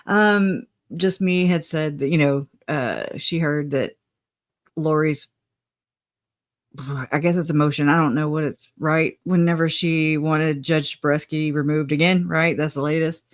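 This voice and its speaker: A woman's voice: sits low, steady tone, unhurried. A woman hosting a casual livestream, chatting, laughing often and greeting viewers by name. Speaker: livestream host.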